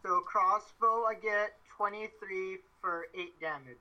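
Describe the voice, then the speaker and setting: A player in a casual tabletop game, playful and quick to joke. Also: medium pitch, lo-fi sound. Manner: playful, laughing in-character quips.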